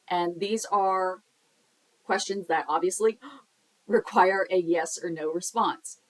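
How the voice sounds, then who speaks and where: A woman's voice: on the low side, steady tone, takes it slowly, low-quality recording. A young woman teaching a sign language lesson in a casual, chatty way, explaining with examples and the occasional filler.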